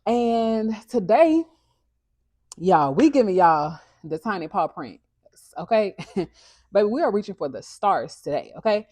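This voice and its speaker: This young woman, a dog breeder hosting a relaxed livestream, sounds upbeat and motivational as she checks in with her audience. Her mid-range voice is sing-song and measured, with frequent pauses and no echo, over soft music.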